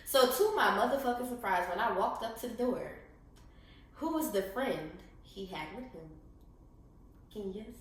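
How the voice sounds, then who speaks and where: A young woman co-hosting a podcast, telling a story in casual, profane, animated chat and acting out other people's lines. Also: fairly high pitch, normal speed, pauses often. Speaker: podcast co-host. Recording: echoey room.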